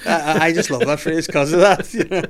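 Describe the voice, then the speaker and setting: A man's voice: a little high, steady tone, brisk. A man hosting a podcast, telling a wild story in casual chat, swearing often and laughing as he goes. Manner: swears a lot, laughs while telling stories. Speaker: podcast host.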